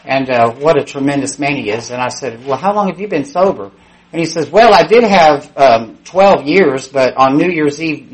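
A man sharing his recovery story in front of a meeting. He talks candidly and pokes fun at himself, and he slips into livelier, higher voices when quoting people. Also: low-quality recording. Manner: candid, self-mocking storytelling with voiced quotes; shifts pitch up and gets louder when mimicking others. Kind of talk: personal testimony.

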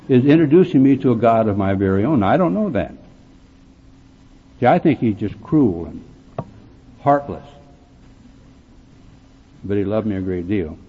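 A man speaking at a recovery meeting, telling his story bluntly with gruff, dark humor. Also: fairly low pitch, big-room sound. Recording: tinny phone-like recording with faint hiss.

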